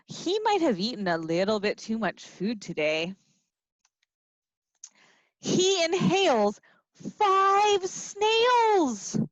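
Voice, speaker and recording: A woman teacher reading a picture book and singing to young children in an expressive, playful way, with little gasps and asides. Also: sits high, extremely slow, long pauses, dry recording. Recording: dry, slightly dull lo-fi sound.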